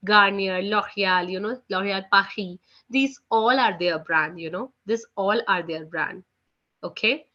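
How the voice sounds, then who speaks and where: A woman leads a live online French class, speaking a little slowly in a medium-pitched, bright and forward voice. Her loose style keeps returning to "you know" and "guys," and the call audio sounds dull and lo-fi.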